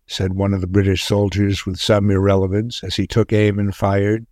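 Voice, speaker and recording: A man narrating a wartime tale in a measured, grave storytelling manner. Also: on the low side, level tone, a little mellow, dry recording, studio quality.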